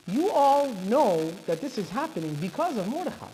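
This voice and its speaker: A man's voice: high-pitched, sing-song, normal speed, pauses often, mellow. A man, a rabbi, telling a dramatic story in a sermon at a synagogue. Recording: reverberant hall, faint background noise.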